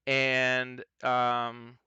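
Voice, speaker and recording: A man's voice: mid-range voice, monotone, drawn-out words, pushed and bright, clean tone, dry recording, muffled recording. A man narrating as game master, hesitant with many fillers and restarts. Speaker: dungeon master.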